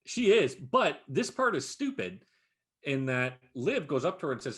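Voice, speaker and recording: A man's voice: fairly high pitch, moderate pace. A man co-hosting a podcast in casual chat, swearing freely and recapping a series with lots of energy. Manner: profane, animated recapping with frequent laughs. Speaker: podcast co-host.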